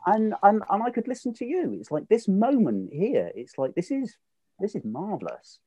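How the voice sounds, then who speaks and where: A man in a casual podcast chat, animated and laughing often, acting out the voices he quotes. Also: high voice, normal speed, dry recording. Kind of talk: casual conversation.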